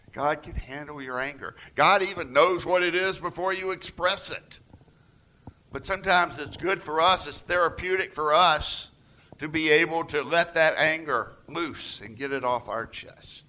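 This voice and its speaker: A male pastor delivers a sermon at an unhurried pace. His voice is bright and slightly high, and he swings from loud, raised passages to near-whispers, pitching up to act out the voices he quotes.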